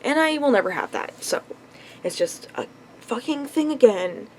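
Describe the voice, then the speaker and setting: A young woman ranting in a casual vlog into her phone, rambling with lots of fillers and swearing, clearly frustrated. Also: a little high, lively intonation, moderate pace, a little mellow, a little hiss or hum, rough recording. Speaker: vlogger. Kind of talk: casual confessional vlog rant.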